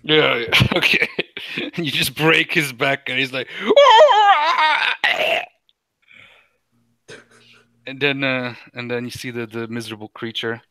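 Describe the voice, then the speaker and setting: A man's voice: medium pitch, steady tone, moderate pace, pushed and bright, dry recording. A young man running a tabletop game in a casual, easygoing way. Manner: casual, easygoing, laughs often. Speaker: game master.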